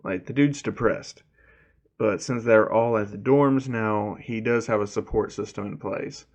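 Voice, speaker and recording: A man's voice: lowish voice, unhurried, darkish tone. A man casually retelling a fan story, rambling with lots of "you know" fillers.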